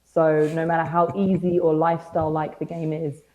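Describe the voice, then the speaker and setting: A woman's voice: sits low, flat delivery, a little fast, dark tone, poor audio. A young British woman chatting as a podcast guest, telling stories with dry, self-mocking humor and acted-out quotes. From Britain. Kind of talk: casual interview chat.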